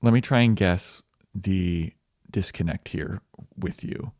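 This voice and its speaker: A man co-hosting a movie review podcast in casual chat, relaxed, laughing often, with many fillers. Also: low-pitched, slow, dry recording, studio quality. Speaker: podcast co-host.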